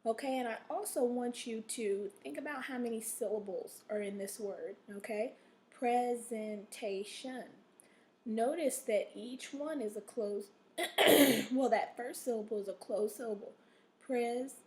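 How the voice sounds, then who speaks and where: High-voiced teacher woman checking "okay?". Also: moderate pace. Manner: patient, repeats "okay?" to check in; models expressive reading aloud. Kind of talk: recorded reading lesson for children.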